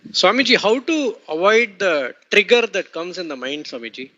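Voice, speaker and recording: Hesitant student man with a bright voice. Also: sits high, sing-song. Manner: hesitant, halting with fillers. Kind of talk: asking a question in class. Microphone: video call. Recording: dull lo-fi online call.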